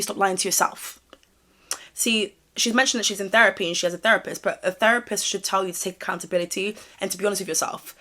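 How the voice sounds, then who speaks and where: A fast-talking woman vlogger with a slightly hoarse voice, spilling opinions in a sassy, direct way and calling the listener babe. She sounds casual and blunt as she talks to camera. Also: medium pitch, a bit bright. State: voice going hoarse. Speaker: commentary vlogger.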